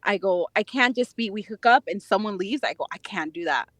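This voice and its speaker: A woman's voice: medium pitch, fairly quick, no echo. Chatty woman spilling a dating story, voice jumps all over, dry close mic. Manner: animated, laughing, acts out quotes. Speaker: podcast guest. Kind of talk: casual storytelling chat.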